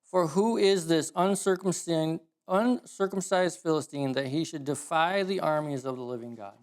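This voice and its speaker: A male preacher with a somewhat high voice delivers a sermon. He tells the story in a casual, animated way and stops now and then to correct himself. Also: moderate pace. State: emotional.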